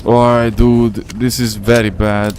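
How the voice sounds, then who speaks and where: A man's voice: lowish voice, flat delivery, measured pace, a little mellow, slight background noise. Chatty streamer man with slangy rambling talk. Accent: non-native English. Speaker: gaming streamer. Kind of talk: casual live gameplay commentary.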